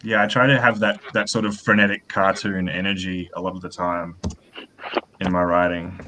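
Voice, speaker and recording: A man's voice: sits low, flat delivery, normal speed, background noise. A male author in a casual interview, explaining his ideas in a thoughtful, rambling way with frequent fillers. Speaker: author guest.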